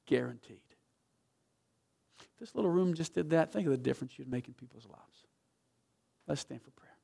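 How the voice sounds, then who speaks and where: A man preaching a sermon as pastor, telling a story with passion, swinging from loud to hushed. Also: a little high, animated, moderate pace, gravelly, breathy edge. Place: church sanctuary.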